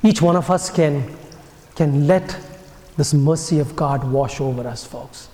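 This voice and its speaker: Priest telling a story in an echoing church. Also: male voice, fairly high pitch. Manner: slow, earnest storytelling with soft, dropping phrase ends. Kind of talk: homily. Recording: echoey church with long reverb.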